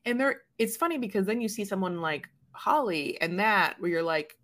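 A woman co-hosts a podcast, chatting casually in a medium-pitched, fairly bright voice at a moderate pace. She's animated, rambles with lots of fillers, and playfully imitates people.

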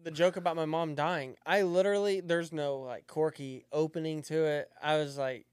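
A man's voice: fairly high pitch, fairly even intonation, moderate pace, clean tone, no echo. A man in his thirties, a comedian guest on a podcast, telling profane stories in casual chat and acting out what people said to him. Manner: profane storytelling, acts out quoted voices.

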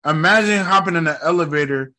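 Male co-host, slightly high voice, easygoing slang and jokes. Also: fast talker, bright, forceful tone. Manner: laid-back, slangy, joking. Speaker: podcast co-host. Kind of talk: casual TV episode recap chat.

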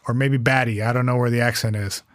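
A man's voice: medium pitch, steady tone, fast talker, no room sound, studio quality. A man hosting a podcast in casual comedic chat, teasing his co-host with a wry, profane humor. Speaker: podcast host presenting cryptids.

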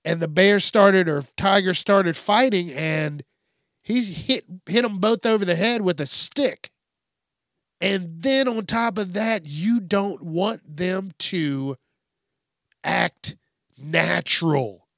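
Profane male podcast host, slightly higher voice, unhurried, rambling. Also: a bit bright, no room sound, clean studio sound. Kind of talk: casual ranting monologue.

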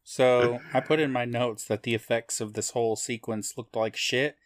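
A man co-hosting a casual podcast, with a voice of middling pitch. He grumbles wryly and laughs as he talks. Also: fairly even intonation, normal speed. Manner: wry complaints, laughs. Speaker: podcast co-host. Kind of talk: casual recap chat.

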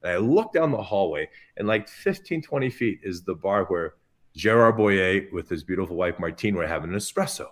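A middle-aged chef, a man, telling self-mocking anecdotes in a podcast interview, full of quick asides. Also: sits low, animated. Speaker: chef guest.

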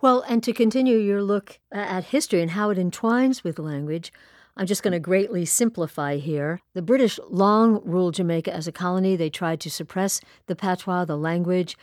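A woman hosting a radio interview, speaking clearly in a conversational, measured way. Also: lowish voice, darkish tone, dry recording, studio quality. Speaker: radio host.

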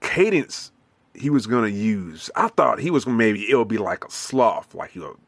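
A laid-back man with a lowish voice, chatting casually and laughing easily. The sound is dry and close, with no room echo. He drifts through his thoughts at an unhurried pace. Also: animated, vocal fry. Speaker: podcast co-host. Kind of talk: casual wrestling chat.

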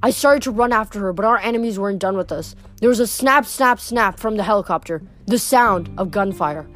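A woman's voice: medium pitch, fairly quick, soft background music. A woman reading a novel aloud, stumbling and correcting herself now and then. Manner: casual, stumbles and self-corrects. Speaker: reader.

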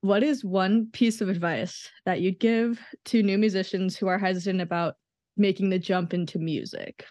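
A woman's voice: medium pitch, fairly even intonation, normal speed, darkish tone, no echo. A young woman hosting a podcast interview, gushing and enthusiastic, with lots of "oh my God". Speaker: podcast host. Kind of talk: casual interview chat.

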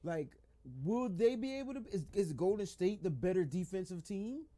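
A man co-hosting a live sports podcast, arguing in an animated, casual way and reading the chat aloud. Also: high voice, normal speed. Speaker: podcast co-host.

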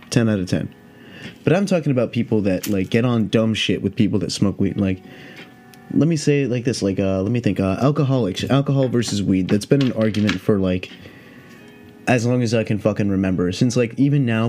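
A man's voice: fairly low pitch, a little fast, warm tone, soft background music. A man hosting a casual solo podcast, rambling and swearing, with lots of "like" fillers. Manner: rambling, profane, heavy on "like" fillers. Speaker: podcast host.

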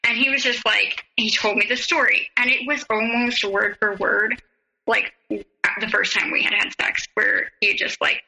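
A woman guest telling her own story in an interview, close to tears, halting and full of fillers. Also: fairly high pitch, fairly even intonation, vocal fry, bright, forceful tone, rough recording. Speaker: podcast guest.

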